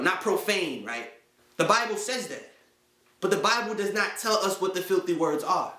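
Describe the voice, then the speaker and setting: Man hosting a faith channel, casual and slangy, fairly high voice, echoey room. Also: pushed and bright. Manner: conversational, slangy, often asks "right?". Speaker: Christian video host. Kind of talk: casual talk to camera.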